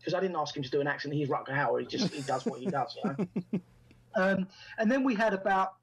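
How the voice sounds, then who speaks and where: A man's voice: a little high, expressive, fairly quick, a crowd in the background, poor audio. A middle-aged man, a guest actor and director, telling anecdotes in an interview and acting out the dialogue he quotes. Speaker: guest, actor and first-time film director. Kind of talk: casual storytelling in an interview.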